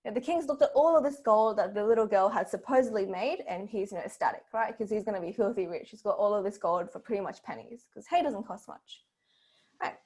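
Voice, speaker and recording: A woman's voice: medium pitch, fast talker, a little mellow, slightly rough. A woman tutor with an Australian accent, casually retelling a fairy tale in a seminar, with lots of fillers and rhetorical "right?" tags.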